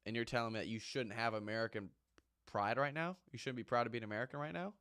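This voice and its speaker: A man speaks in a fired-up, impassioned monologue, hammering his points home through repetition. His voice sits at an ordinary middle pitch. The recording is dry and close, with no room echo. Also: fast talker, a bit bright, clean tone. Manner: fired-up, ranting, emphatic repetition. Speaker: vlogger and former Marine.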